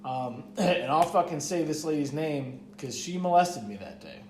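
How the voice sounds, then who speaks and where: A man's voice: a little high, lively intonation, moderate pace, a little hiss or hum. Young man rambling through a story. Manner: rambling, profane, heavy use of "like". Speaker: podcast co-host. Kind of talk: casual storytelling chat. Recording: echoey room.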